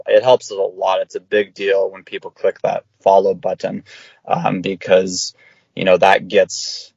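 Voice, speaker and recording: Deep gravelly guy on a podcast call, flat delivery. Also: dry recording, highs cut off. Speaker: guest, mutual aid organizer. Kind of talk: remote interview chat.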